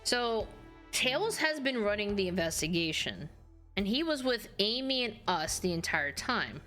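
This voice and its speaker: A young woman chats casually over her gameplay, giggling and working through ideas out loud. Her pitch jumps around expressively at a middling height, with faint music under her voice. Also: big pitch swings, a little slow. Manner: giggly, thinking aloud with restarts. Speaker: game streamer.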